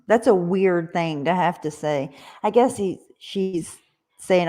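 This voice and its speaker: Woman, lowish voice, opinionated, emphatic, casual commentary. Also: expressive, a little slow, darkish tone. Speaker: co-host.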